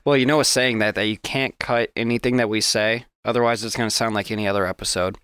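A man's voice: lowish voice, steady tone, quick pace, a bit bright, smooth, dry recording, clean studio sound. A man on a tabletop game podcast, joking and arguing in casual banter. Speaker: player.

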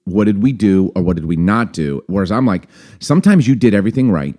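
A man with a low, mellow voice hosts a relaxed conversational podcast. He tells personal stories with animation and acts out the lines of the people in them. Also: fast. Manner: storytelling, animated, acts out quoted dialogue. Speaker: podcast host.

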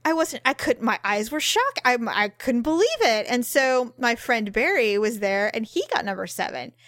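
A woman co-hosting a casual chat, telling stories with loud exclamations and frequent laughter. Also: on the high side, normal speed, dry recording, studio quality. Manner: animated, exclaims and laughs loudly. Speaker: podcast co-host.

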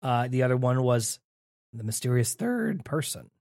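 A young podcast co-host casually explaining game plot details and chiming in with quick agreements. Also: medium pitch, big pitch swings, vocal fry, darkish tone, dry recording, clean studio sound. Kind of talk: casual game recap chat.

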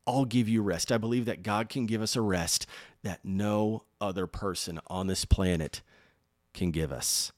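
A man preaching a sermon, earnest and encouraging, rising loud on key points and dropping soft and slow when he speaks of rest. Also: lowish voice. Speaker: pastor.

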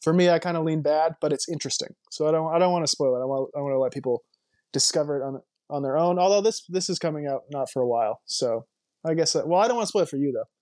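On a casual movie podcast, a male co-host speaks quickly in a voice on the high side and a little mellow, recorded clean in a studio with no room sound. He rambles emphatically, restarts often, and voices strong opinions.

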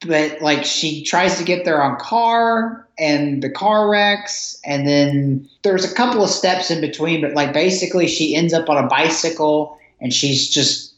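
A man's voice: a little high, unhurried, hardly any pauses. Giggly man in an echoey room. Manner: laughs often, animated retelling of scenes. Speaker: podcast co-host. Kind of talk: casual film discussion. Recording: echoey, dull lo-fi sound.

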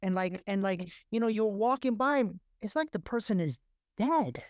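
A man guest, a life coach, telling a personal story in an emphatic, animated way, often repeating words and asking "right?". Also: high-pitched, moderate pace, smooth, dry recording, clean studio sound.

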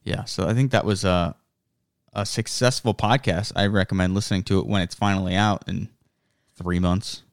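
A man's voice: low voice, steady tone, normal speed, clear, resonant tone, no echo, clean studio sound. A young adult man co-hosting a podcast in casual, rambling chat, often cutting himself off mid-sentence. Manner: rambling, self-interrupting. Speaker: podcast co-host.

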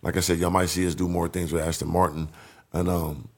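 A man co-hosting a podcast, telling stories in an animated, slangy, profane way. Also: sits low, brisk. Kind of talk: casual chat, storytelling.

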